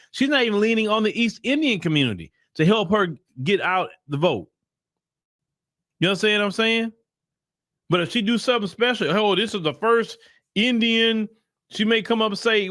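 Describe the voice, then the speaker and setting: Hosting his own channel, a man offers opinionated political commentary, talking to viewers in blunt, casual vernacular and repeating points for emphasis. His voice is high and fairly bright, captured as clean studio sound with no echo.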